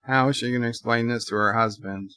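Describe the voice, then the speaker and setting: A man's voice: mid-range voice, steady tone, a little fast, sharp tone, smooth, no room sound. A man giving live, off-the-cuff commentary while watching a TV episode, thinking aloud and describing what happens on screen. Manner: thinking aloud, describing scenes as they play. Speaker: channel host and commentator.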